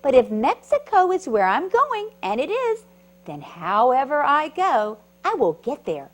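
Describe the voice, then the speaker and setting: A woman voicing an eager, determined little female caterpillar in a storybook reading, with an excited sing-song manner. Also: fairly high pitch, unhurried, pitched above the performer's own voice.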